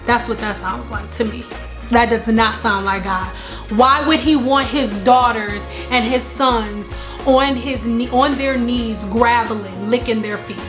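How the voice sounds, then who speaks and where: A woman with a fairly high voice gives a casual spiritual talk to camera. She is emphatic, repeats her lines for stress and tells stories with energy. Soft music plays faintly behind her. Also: steady tone, a little slow. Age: adult, married. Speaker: spiritual vlogger.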